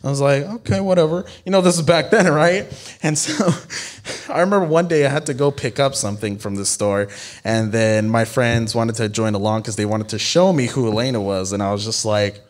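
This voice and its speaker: Slangy, animated young man telling stories. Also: mid-range voice, moderate pace. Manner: animated, slangy, swears often, laughs mid-story. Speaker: podcast co-host. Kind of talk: casual chat, storytelling.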